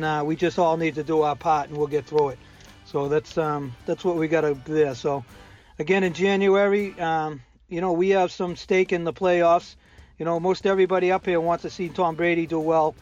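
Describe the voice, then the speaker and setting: A man's voice: a little high, a little mellow. An older man with a Boston accent gives a chatty weekly update as a contributor, with lots of fillers. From New England. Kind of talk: casual recorded update. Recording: dull lo-fi sound with faint music.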